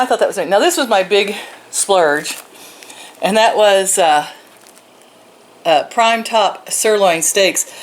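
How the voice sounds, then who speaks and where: An older woman hosting her own vlog in chatty, self-mocking talk, laughing often. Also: mid-range voice. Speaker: vlog host. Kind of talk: casual vlog chat. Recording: distant voice with background noise.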